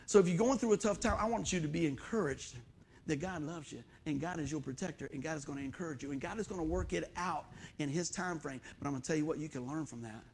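A man's voice: fairly high pitch, fast, a little hiss or hum. A middle-aged man preaching a casual, storytelling sermon in church, folksy and confiding. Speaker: pastor. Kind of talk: conversational sermon.

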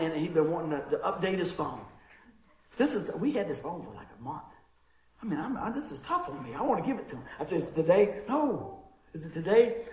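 A man preaching, telling a folksy story with lively energy and frequent laughter. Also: high voice, echoey room, rough recording. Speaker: pastor. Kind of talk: sermon storytelling.

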